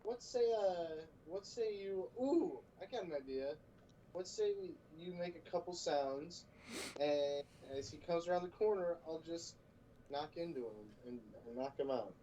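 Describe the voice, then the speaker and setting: A man's voice: on the high side, a little slow, mellow, highs cut off. A man playing a tabletop game, hesitant and full of ums as he asks about the rules. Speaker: player. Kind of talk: casual tabletop play. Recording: distant mic with crowd noise.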